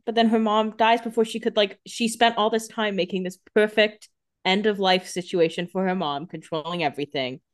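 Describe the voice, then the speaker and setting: Woman cohost chatting about a show, mid pitch, casual reactions. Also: brisk. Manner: chatty, reacts with laughs and comments. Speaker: podcast co-host. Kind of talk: casual chat.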